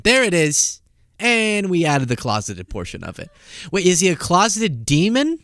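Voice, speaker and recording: Male podcast host, casual and mocking, lively delivery, dry studio sound. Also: normal speed, no room sound. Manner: animated, laughing, mocking, high-pitched impressions. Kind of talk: casual political commentary. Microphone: studio mic.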